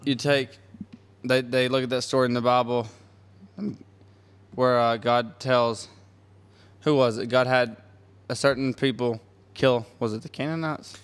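A man's voice: medium pitch, steady tone, a little slow, clear, resonant tone. A man in a casual religious discussion, earnest and plain-spoken, with a rambling flow. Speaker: podcast co-host.

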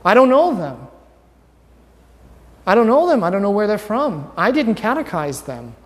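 Pastor preaching in a reverberant church. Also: male voice, sits high, wildly swooping pitch, normal speed. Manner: asks the congregation questions, informal and wry. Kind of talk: conversational teaching sermon. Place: church sanctuary.

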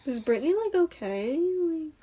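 A woman's voice: on the high side, moderate pace, a little hiss or hum. A young woman co-hosting a casual livestream chat, telling stories animatedly and asking emphatic questions. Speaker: livestream co-host.

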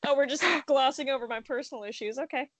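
A woman's voice: sits high, quick pace. A young woman, a podcast guest, chatting casually and poking fun at herself with frequent laughs. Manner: self-deprecating, laughs often. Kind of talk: casual chat.

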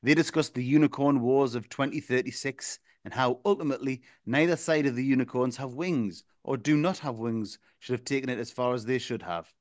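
A man reads a silly story aloud to his co-host. His pitch sits in the middle of the male range and his delivery stays deadpan, slipping into chuckles. The recording is close and completely dry. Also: fairly quick, hardly any pauses, no echo. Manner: deadpan reading, breaking into chuckles. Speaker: podcast co-host reading a listener's story.

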